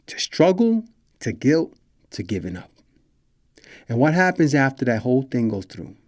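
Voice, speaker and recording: A man's voice: medium pitch, a little mellow. A man hosting a motivational podcast as a coach, talking emphatically and directly to listeners, repeating his points, asking them questions and swearing now and then. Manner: casual with mild swearing.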